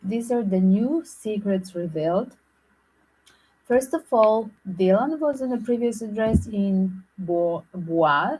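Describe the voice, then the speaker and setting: Slow, husky-voiced woman musing aloud. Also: mid-range voice, lively intonation, warm tone, poor audio. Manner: halting, repeats and restarts phrases. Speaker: channel host. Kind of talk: speculative true-crime commentary.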